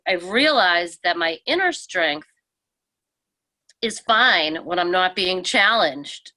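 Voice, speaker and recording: A woman on a group video call who shares personal reflections in a thoughtful, halting way. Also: fairly low pitch, lively intonation, sharp tone, no room sound. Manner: thoughtful, halting, with many fillers. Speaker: book study participant. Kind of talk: casual reflective sharing.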